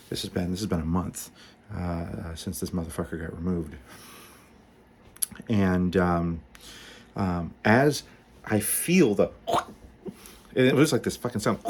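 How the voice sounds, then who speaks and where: A man's voice: sits low, darkish tone, a little hiss or hum. A man, telling a rambling, profane story in a casual way, full of fillers and restarts. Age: 40s.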